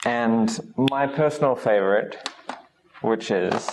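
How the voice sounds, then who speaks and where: A man teaching English pronunciation in a recorded lesson, saying each sound slowly and patiently. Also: medium pitch, noisy background.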